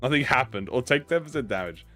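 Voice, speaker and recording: Young man, gaming YouTuber, casual rambling story, profane, lively pitch swings, soft music underneath. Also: fast talker. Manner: profane, excitable, lots of restarts.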